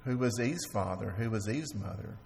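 A man preaching a sermon as pastor, halting and repeating words while he asks the congregation questions. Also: on the low side, a little mellow, slight background noise. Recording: long reverb of a large hall.

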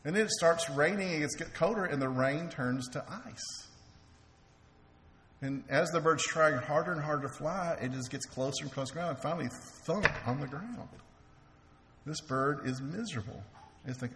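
A man's voice: medium pitch, expressive, normal speed, a bit bright, slight background noise. A man preaching a sermon in an earnest way, often repeating words as he restarts. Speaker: preacher and teacher. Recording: echoey hall with faint ambience.

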